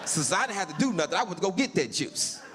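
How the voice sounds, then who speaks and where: Animated comedian man telling a story. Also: high voice, quick pace, long reverb tail, noisy background. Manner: animated, acts out other voices in his stories. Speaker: stand-up comedian. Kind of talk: stand-up storytelling.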